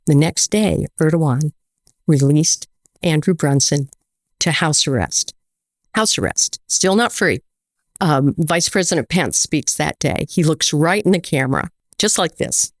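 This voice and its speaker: An American woman, a guest in a casual interview, tells animated stories full of quoted back-and-forth dialogue. Her low voice moves at a measured pace but rises and falls often, and the recording sounds close and dry.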